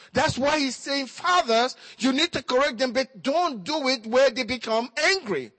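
A man preaching a sermon as pastor, moving between storytelling and rising, shouted emphasis. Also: sits high, no echo, low-quality recording.

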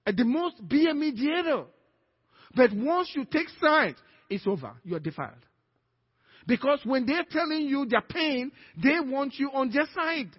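A male pastor with a Nigerian accent preaching a sermon, animated, acting out little dialogues as he teaches. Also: very high-pitched, a little slow, in a large hall. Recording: dull lo-fi sermon recording.

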